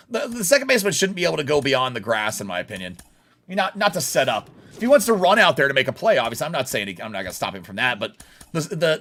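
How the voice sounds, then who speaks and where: A man's voice: medium pitch, pushed and bright. A young adult man live streaming a baseball video game, chatting bluntly and casually with his viewers and laughing often. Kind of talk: live gaming stream chat.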